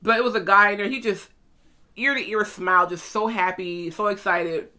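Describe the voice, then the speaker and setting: A young woman vlogger in casual chat, telling a story with animated, breathless energy and quoting her own panic. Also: mid-range voice, moderate pace.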